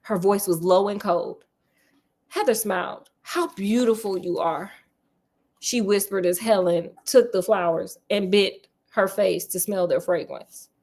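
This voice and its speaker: Reading a spooky children's novel aloud, this woman uses a mid-range, darkish voice with fairly even intonation at a measured pace. Every so often she stops for sassy, laughing asides that add comedy to the book reading.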